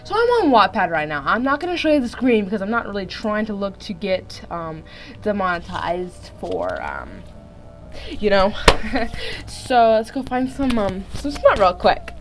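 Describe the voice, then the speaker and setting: A woman's voice: mid-range voice, huge pitch swings, a little slow, background noise. A young woman casually reading fan fiction aloud into her phone, giggling, rambling and breaking off to comment on the text. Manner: giggly, rambling, keeps interrupting herself. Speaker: vlogger.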